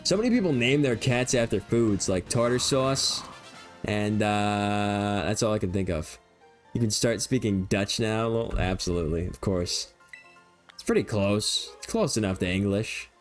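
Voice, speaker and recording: A man's voice: fairly low pitch, unhurried, soft background music. A young man streaming a video game, rambling and joking in a casual running commentary and laughing easily.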